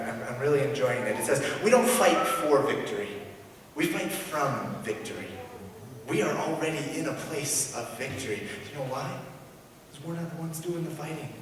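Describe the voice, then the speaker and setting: A man preaching a sermon as pastor, earnest, swinging from loud emphatic lines to hushed ones. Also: mid-range voice. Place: large church sanctuary. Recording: echoey church hall from far off.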